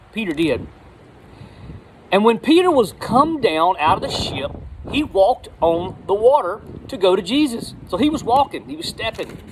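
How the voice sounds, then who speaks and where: A middle-aged man giving a casual, folksy sermon, animated, with repeated words. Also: sits high, slight background noise, rough recording. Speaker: lay preacher.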